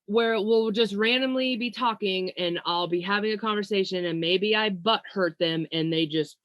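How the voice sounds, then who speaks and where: A woman's voice: mid-range voice, moderate pace, a bit bright, dry recording. A young woman co-hosting a podcast, chatting casually about astrology, laid-back, swearing and laughing freely. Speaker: podcast co-host.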